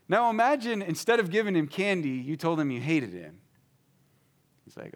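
A man's voice: a little high, big pitch swings, moderate pace. A pastor telling a story about his son in a conversational sermon, acting out the dialogue between them.

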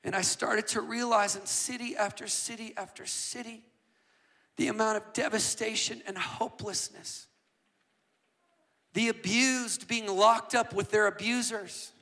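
A man preaching a passionate sermon as a guest speaker, building from quiet asides up to shouting. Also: high-pitched, steady tone, measured pace. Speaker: guest preacher and worship leader.

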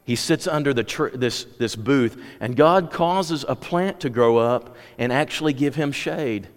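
A man's voice: mid-range voice, measured pace. A man preaching a sermon, conversational at times and rising to impassioned exhortation. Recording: long hall reverb.

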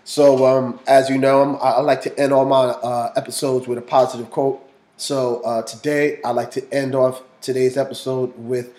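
Relaxed man hosting a podcast, roomy echo. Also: mid-range voice, normal speed. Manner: relaxed, conversational, talks straight to listeners. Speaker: podcast host. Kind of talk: casual solo podcast monologue.

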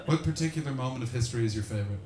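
A man doing stand-up comedy, loudly and profanely teasing audience members. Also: medium pitch, rapid-fire. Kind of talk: stand-up crowd work. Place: comedy club before a live audience. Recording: echoey club with loud crowd.

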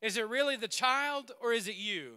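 A man preaching a sermon in a church, swinging between loud exhortation and quiet asides and laughing often. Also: very high voice, moderate pace, clear, resonant tone. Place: church sanctuary.

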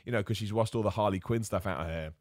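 A man's voice: on the low side, quick pace, a little mellow, no echo. A man hosting a casual wrestling recap show, chatty and opinionated, talking close to the mic. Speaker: wrestling commentator host.

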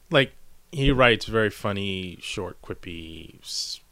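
A middle-aged man co-hosting a podcast, telling a rambling, animated story in casual chat. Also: lowish voice, slow pace, gravelly, no room sound. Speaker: podcast co-host.

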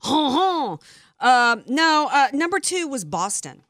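A woman from the American Deep South, hosting a talk radio show with emphatic, opinionated chatter. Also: very animated, pushed and bright, no echo, clean studio sound. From Deep South of the United States. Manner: emphatic, opinionated, quick asides.

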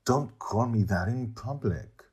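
A man reading a guarded, prickly grown man who speaks sharply and accusingly, close to his own husky voice. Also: on the low side, animated, a little slow, a little mellow, pitched above the performer's own voice.

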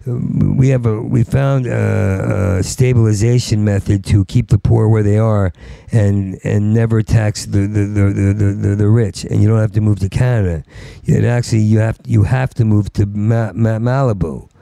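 Middle-aged guy ranting stand-up, stutters a ton, gravelly dark voice, dry close sound. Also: on the low side, steady tone, normal speed, no echo. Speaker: stand-up comedian. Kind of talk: rambling stand-up monologue.

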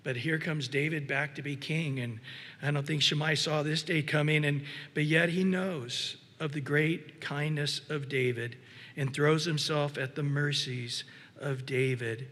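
A man preaching a sermon with animated delivery, acting out little voices and often restarting his words. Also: a little high, unhurried, long reverb tail. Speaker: pastor.

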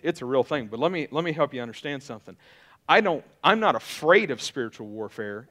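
A man's voice: medium pitch, a bit bright. A middle-aged male pastor giving a conversational sermon, often repeating and restarting his phrases.

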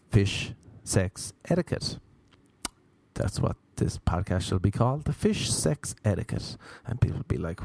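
A man's voice: a little high, very animated, moderate pace, vocal fry, a little mellow, no echo. A young man hosting a podcast, rambling through comic stories, swearing freely and acting out the voices in them. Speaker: podcast host. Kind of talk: casual comedic monologue.

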